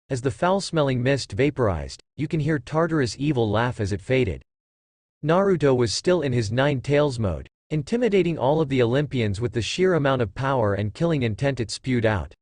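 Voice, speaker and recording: A man narrating a fan-fiction story in a steady storytelling read. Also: medium pitch, normal speed, no echo, clean studio sound. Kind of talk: reading fan fiction aloud.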